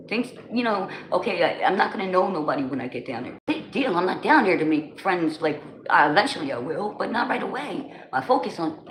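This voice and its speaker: A woman in her forties with a New Jersey accent talks in a deep, low register as she hosts a casual livestream. She is loose and slangy, calling out viewers by name. The sound is roomy, with a faint hum of noise behind her. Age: 40s. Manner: loose and talkative, greets chat by name, slangy. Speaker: livestream host. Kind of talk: casual live-stream chat.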